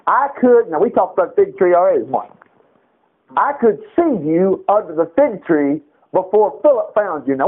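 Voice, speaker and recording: A middle-aged male pastor preaching with a high, lively voice that swings up and down. He reads scripture and drops into casual asides. The recording is thin and phone-like. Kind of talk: sermon.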